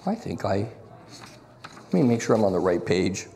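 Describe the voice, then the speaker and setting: A man leads a church Bible class with a lively, swinging voice. He talks loosely, cracking small jokes and wandering off his script before steering back. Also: lowish voice, normal speed, creaky, slight background noise.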